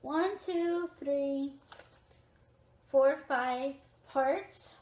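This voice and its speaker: High, chatty young woman vlogging. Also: very slow, a little mellow, echoey room. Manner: chatty, repetitive, emphatic. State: tired, yawning. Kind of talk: casual chat to camera. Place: at home on a recliner.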